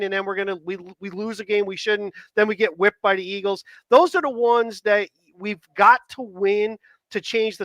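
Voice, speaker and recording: High, bright-voiced male podcast co-host. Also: no room sound. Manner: rambling, asks long questions; acts out quoted dialogue. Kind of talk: casual sports chat.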